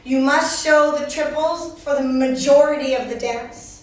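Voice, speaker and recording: A woman's voice: high-pitched, a little slow. A woman co-teaching a dance class, stating the rules of the dance firmly and summing up the lesson. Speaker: dance instructor. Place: dance studio. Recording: very echoey room, mic far off.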